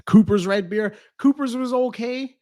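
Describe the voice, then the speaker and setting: A man's voice: extremely high pitch, unhurried, a little mellow, no room sound. An Irish man chatting casually to his viewers in a rambling, laid-back way, swearing freely. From Ireland. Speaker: reaction streamer.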